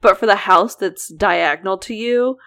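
A woman's voice: mid-range voice, moderate pace, a bit bright. A woman co-hosting a casual true-crime podcast, asking quizzical follow-up questions. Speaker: podcast co-host.

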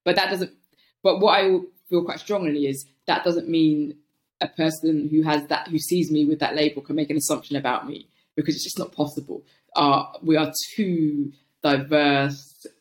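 A woman's voice: sits low, fairly even intonation, normal speed, echoey room. A woman from England with a London accent, talking thoughtfully as a podcast guest, often restarting her sentences as she thinks aloud. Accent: London English. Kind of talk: casual interview chat.

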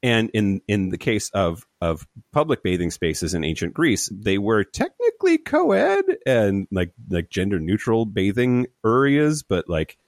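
A man's voice: on the low side, big pitch swings, unhurried, hardly any pauses, no echo, studio quality. A man co-hosting a podcast remotely while sick with covid, rambling and repeating words as he explains. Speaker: podcast co-host. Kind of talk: casual chat. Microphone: remote recording.

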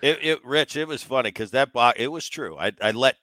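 Bright-voiced man telling a lively story. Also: mid-range voice, fairly quick, dry recording. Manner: animated, acts out quotes. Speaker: podcast co-host. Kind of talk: casual podcast storytelling.

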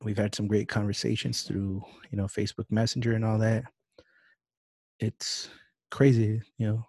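A young man hosting a podcast over a video call, chatting casually and acting out quotes in a louder voice. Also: fairly low pitch, normal speed, husky, no room sound. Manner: animated, acts out quotes in a raised voice. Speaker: podcast host. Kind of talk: casual interview chat.

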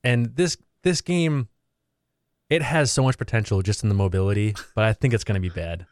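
Low-voiced man griping casually. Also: fairly quick, a little mellow, no echo, studio quality. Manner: candid, complaining. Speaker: podcast co-host. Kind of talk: casual gaming news chat.

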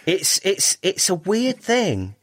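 A man's voice: high voice, huge pitch swings, slow. A man, a podcast guest, talking in a loose, chatty way, often restarting his sentences and swearing. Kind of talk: casual interview chat.

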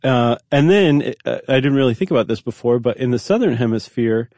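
Male co-host, mid-pitched voice, dry close mic, curious and explanatory. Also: animated, a little fast, darkish tone, dry recording. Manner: curious, explanatory, frequent fillers. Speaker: podcast co-host. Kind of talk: casual conversational chat.

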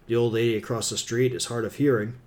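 Audiobook villain, read by a man: smirking, level, quietly menacing. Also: medium pitch, level tone, fast, natural voice. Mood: menacing calm. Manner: level, smug, quietly threatening. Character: calm menacing older male villain, smirking.

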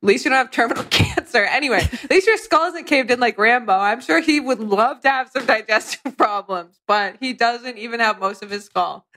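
A woman's voice: a little high, fairly quick, few pauses, a bit bright. A young woman co-hosting a podcast, blunt and sarcastic in casual chat. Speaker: podcast co-host.

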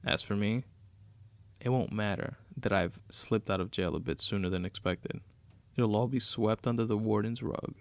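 Man voicing a scheming escaped convict, gloating, gravelly, dry close sound. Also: lowish voice, moderate pace, dry recording. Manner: gloating, smug. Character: cold scheming male jailbreaker framing someone.

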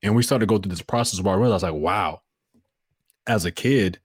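A man's voice: sits low, fairly quick, breathy edge, no echo, clean studio sound. A man in his thirties, a voiceover artist talking as a podcast guest, reflective and earnest, with many fillers and restarts. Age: 30s. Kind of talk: casual podcast conversation.

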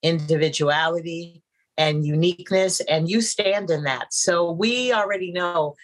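A woman's voice: on the low side, unhurried, poor audio. A woman hosting an interview show, effusive and emphatic as she praises and introduces her guest. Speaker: host.

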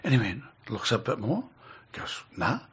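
A man's voice: mid-range voice, big pitch swings, fairly quick, slightly rough. A middle-aged man, telling a rambling story in casual conversation and chuckling as he goes.

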